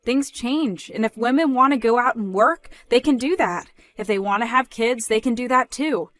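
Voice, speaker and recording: A woman doing a calm, firm young woman. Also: a little high, soft background music, natural voice. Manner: measured, polite but firm. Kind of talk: dramatized story narration.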